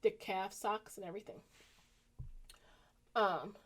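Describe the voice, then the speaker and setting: A woman in her thirties with a Southern US accent, telling a personal story casually to her viewers and acting out the people in it. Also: slow pace. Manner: animated, acts out quoted voices with pitch jumps. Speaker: vlogger.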